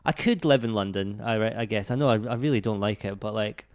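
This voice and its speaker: A Scottish comedian with a softened accent, chatting casually and dryly as a podcast guest, swearing now and then. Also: male voice, fairly low pitch, fast talker, no echo. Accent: Scottish, toned down. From Scotland. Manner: relaxed, dry, swears casually.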